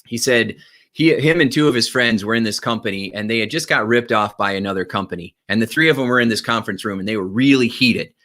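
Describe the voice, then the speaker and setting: Bright-voiced energetic motivational speaker man. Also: fairly low pitch, fast. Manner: energetic, emphatic, frequent "right?" and "okay?" check-ins. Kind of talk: motivational talk to viewers.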